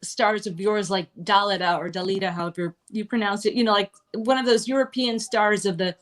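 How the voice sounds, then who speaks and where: A woman's voice: mid-range voice, steady tone, fairly quick. A middle-aged woman from Manhattan, chatting as an interview guest in a rambling way, full of fillers and asides. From Manhattan, New York. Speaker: guest performer. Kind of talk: casual interview chat. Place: restaurant, live-streamed.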